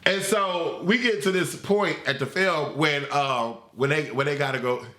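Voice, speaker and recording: A man giving a comedic movie review in a dramatic, sassy, animated way. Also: on the high side, a little slow. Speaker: movie critic. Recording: roomy echo.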